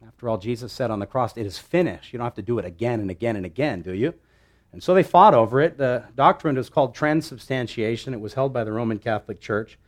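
A man preaching a sermon in an animated teaching manner, with a middle-range voice. He explains scripture and church history and keeps tossing rhetorical questions to his congregation. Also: mid-range voice, fast. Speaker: pastor.

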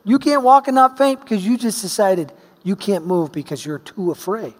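A man's voice: high-pitched, moderate pace, long reverb tail. A middle-aged man from Oregon preaching a sermon, telling a personal story and acting out the voices in it. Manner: animated storyteller, acts out voices. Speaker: pastor.

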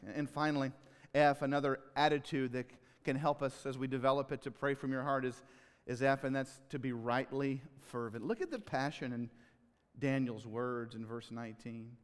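A man preaching a sermon as pastor, earnest, swelling loud on key phrases and dropping low. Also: moderate pace, clean tone. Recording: long hall reverb.

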